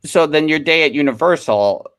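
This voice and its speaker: A man's voice: a little high, animated, moderate pace, fairly bright tone, clear, resonant tone. A man with a New York accent hosting a casual podcast chat, joking and asking questions. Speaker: podcast host.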